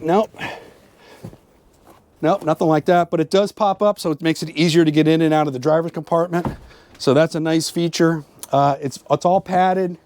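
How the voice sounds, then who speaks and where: A man with a fairly high voice gives a relaxed, upbeat tour from inside a motorhome. He chats as he goes, pointing out details with lots of fillers. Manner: chatty, upbeat, points things out with frequent fillers. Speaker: RV travel vlogger giving a tour. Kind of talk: casual walkthrough tour.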